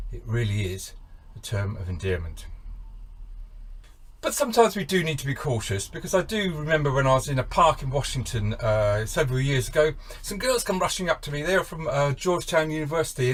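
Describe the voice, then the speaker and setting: Wry husky Englishman rambling. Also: on the high side, fairly bright tone. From England. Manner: wry, self-mocking. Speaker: campervan channel host. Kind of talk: rambling monologue.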